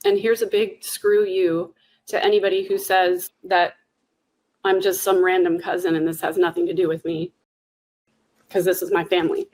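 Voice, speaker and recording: Candid woman host, mid-pitched. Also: level tone, moderate pace, a little mellow. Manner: candid, reflective, wry. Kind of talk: conversational interview.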